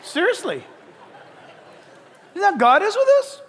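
An older man preaching a sermon, animated, dropping to hushed tones and rising to loud cries. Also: very high voice, a little slow, some chatter behind. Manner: animated, swings from hushed to shouting. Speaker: pastor. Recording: long hall reverb.

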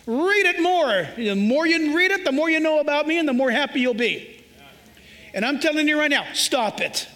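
A man voicing a gentle but firm Jesus who comforts a scared believer with tender scolding. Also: extremely high pitch, lively intonation, moderate pace, exaggerated voice. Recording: preacher in a reverberant hall.

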